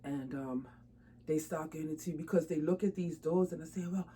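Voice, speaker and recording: Woman, lowish voice, casual vlog chat, laughs a lot, slangy, faint hiss. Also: brisk, warm tone, rough recording. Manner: chatty, laughs often, informal slang. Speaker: doll collector vlogger.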